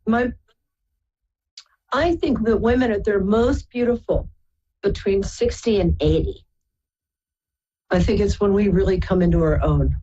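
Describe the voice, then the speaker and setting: Unhurried and given to long pauses, this woman speaks in a mid-range voice that's mellow and slightly rough. She hosts a live call-in psychic radio reading from Brooklyn, New York, affectionately chatting and calling callers darling and sweetheart. The audio is dull.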